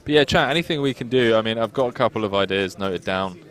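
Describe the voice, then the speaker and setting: A man's voice: on the low side, quick pace, a bit bright. A British man co-hosting a poker stream, reading out viewer comments in a laid-back, jokey way. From United Kingdom.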